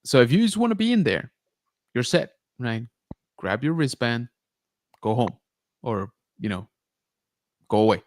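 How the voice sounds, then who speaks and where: Man podcast host, mid pitch, loose storytelling, dead dry close mic. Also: unhurried, pauses often, no room sound. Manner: animated retelling, many filler likes and rights. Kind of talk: casual storytelling chat.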